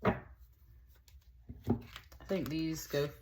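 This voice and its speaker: A woman's voice: deep voice, steady tone, extremely slow, heavy background noise. A woman giving a casual tarot reading, chatty and rambling, with lots of fillers. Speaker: tarot reader.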